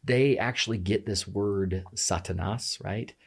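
A man's voice: lowish voice, measured pace, vocal fry, slightly rough. A man explaining a text in a conversation, passionate and emphatic, often restarting his sentences. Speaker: guest explaining scripture. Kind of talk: animated podcast conversation.

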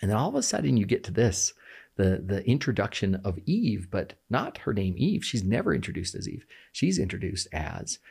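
Gravelly, animated man explaining scripture. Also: lowish voice, moderate pace. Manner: passionate, emphatic, fond of rhetorical "right?". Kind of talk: casual conversational explanation.

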